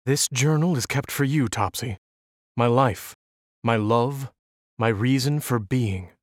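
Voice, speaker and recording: An audiobook narrator reading a novel in a measured, even storytelling manner. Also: mid-range voice, no echo, studio quality. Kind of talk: scripted narration.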